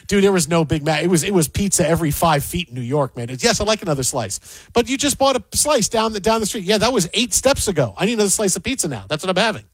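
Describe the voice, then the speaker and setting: A man hosting a sports talk show, rambling and animated, often repeating himself as he riffs. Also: sits high, fast, slightly rough, dry recording. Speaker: sports radio host. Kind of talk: casual sports banter.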